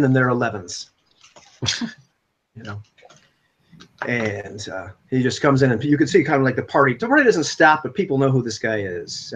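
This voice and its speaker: A man's voice: medium pitch, a bit bright. Rambling, chuckling game master, a man. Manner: rambling, chuckling, lots of fillers. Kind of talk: narrating a tabletop role-playing game. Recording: dull lo-fi recording.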